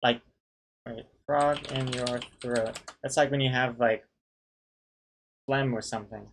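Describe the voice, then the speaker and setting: A man's voice: medium pitch, fairly even intonation, a little slow, a little hiss or hum. A man hosting a casual live stream, reading out viewer pun suggestions in a jokey way and laughing often. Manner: jokey, reads names aloud, laughs often.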